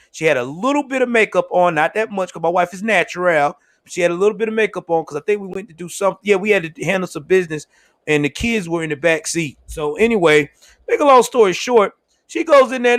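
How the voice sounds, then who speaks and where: A young man hosting a livestream, telling a story in a casual, laughing, animated way. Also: sits high, no echo. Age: young adult. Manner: laughs often, animated, swears freely. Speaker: show host.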